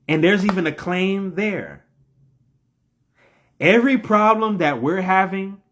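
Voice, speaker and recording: Impassioned preachy man, fairly high voice. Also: very animated, slow, pauses often, fairly bright tone. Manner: preachy, repetitive, stammers "or, or". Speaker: religious commentator. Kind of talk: impassioned monologue.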